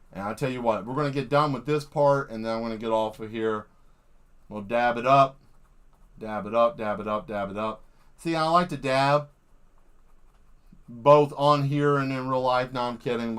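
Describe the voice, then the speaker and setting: A man's voice: mid-range voice, smooth. A man hosting a live art stream, rambling and joking with lots of swearing while he paints. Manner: profane, animated, jokey, acts out quick voices.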